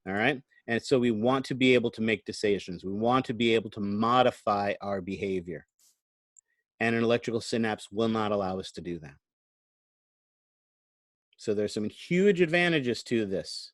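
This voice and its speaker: Speaking at a moderate pace in a lowish voice, a college lecturer records an online lecture on his computer microphone, with a dry sound. He keeps the explanations conversational, checking in often with "right?".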